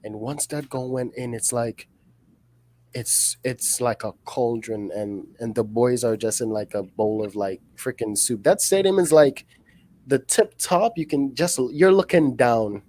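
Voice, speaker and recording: A man's voice: medium pitch, measured pace, a little mellow. A man hosting a casual football podcast, talking in a rambling, heated way full of "like" and "you know". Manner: rambling, filler-heavy, heated. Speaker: podcast host. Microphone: podcast mic.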